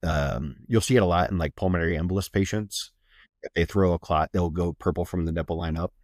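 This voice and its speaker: A man's voice: deep voice, brisk, a little mellow, no room sound, clean studio sound. A man from Ohio, a flight medic, telling blunt, profane, matter-of-fact war stories in a casual podcast interview. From Ohio, USA.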